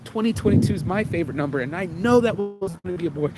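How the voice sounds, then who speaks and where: A man's voice: sits high, animated, fast talker, heavy background noise. A man hosting his own video, shaken from crying, talking in a raw, profane, rambling way as he walks a street in the rain. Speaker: vlog host. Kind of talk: emotional walking monologue.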